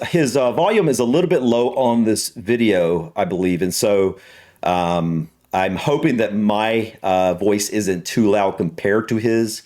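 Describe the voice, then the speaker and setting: A man's voice: fairly low pitch, a little mellow. Rambling American man reacting casually. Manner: rambling, full of fillers and restarts. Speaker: reaction video host. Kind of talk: casual chat. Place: upstairs room at home.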